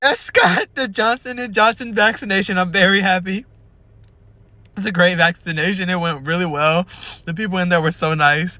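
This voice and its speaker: A man's voice: high-pitched, fairly even intonation, moderate pace, pushed and bright, no echo. Man in a falsely upbeat comedy skit.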